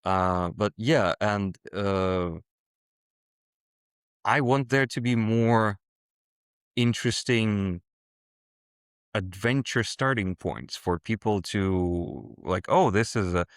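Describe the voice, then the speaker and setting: A man's voice: fairly low pitch, expressive, very slow, long pauses, smooth, no echo, clean studio sound. A man talking as a podcast guest in a casual interview, hesitant and full of fillers and restarts. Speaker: guest, game designer and world builder.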